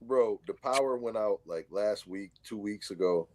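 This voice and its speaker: A middle-aged man with a New York accent, co-hosting a casual chat and telling animated stories full of swearing, acting out what people said. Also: on the low side, normal speed, a little hiss or hum. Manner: animated storyteller, acts out quotes, heavy swearing. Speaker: co-host.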